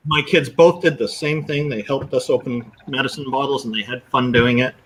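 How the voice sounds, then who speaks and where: A man's voice: medium pitch, fairly even intonation, moderate pace, fairly bright tone, a little hiss or hum, low-quality recording. A man in casual chat, explaining his views earnestly and at length.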